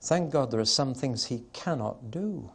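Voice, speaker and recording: Male preacher, mid-pitched voice, emphatic and wry, delivers a sermon to a hall audience. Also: expressive, measured pace, slightly rough.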